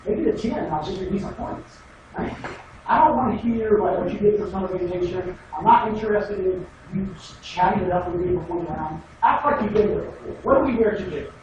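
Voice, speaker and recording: Recorded from afar in a noisy, echoey room, the audio sounds muffled as a man with a high voice gives a fairly quick, casual debate lecture. He's wry and sarcastic, sometimes mocking students with put-on voices.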